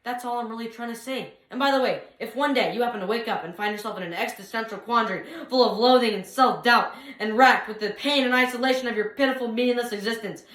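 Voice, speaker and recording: A young woman performing a comic monologue at a speech contest, animated and swinging from loud bursts to hushed asides. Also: fairly high pitch, quick pace, hardly any pauses. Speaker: speech competitor. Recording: roomy echo.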